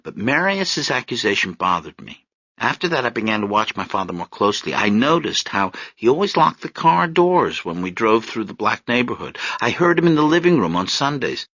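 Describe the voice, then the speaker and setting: A male audiobook narrator telling a story with expressive delivery. His voice is bright and forceful, with lively rises and falls. The recording is dry and slightly dull. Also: medium pitch, normal speed, no echo. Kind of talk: scripted narration.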